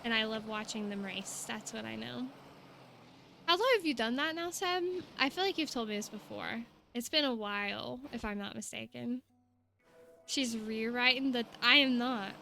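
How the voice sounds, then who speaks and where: A woman's voice: on the high side, moderate pace, gravelly, bright, forceful tone, a little hiss or hum. A young woman, chatting casually and rambling to her stream viewers.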